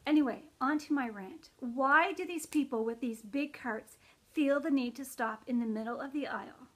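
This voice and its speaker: A middle-aged woman vlogging casually about cross stitch, who slips into an exasperated rant that climbs toward near shouting. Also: sits high, normal speed. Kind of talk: casual vlog chat.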